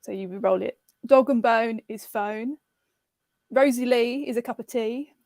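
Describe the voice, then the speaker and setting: A woman's voice: a little high, unhurried, darkish tone, no room sound, clean studio sound. A woman, a guest on a casual chat podcast, agreeing easily and explaining things plainly.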